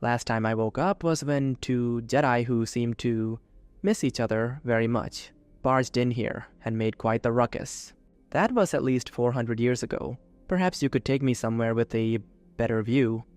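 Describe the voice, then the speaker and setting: Ancient sith woman's spirit in a holocron, put on by a man, gentle and patient, higher voice, clean smooth tone. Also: normal speed, soft background music, natural voice. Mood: kindly. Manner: gentle, warm, motherly patience.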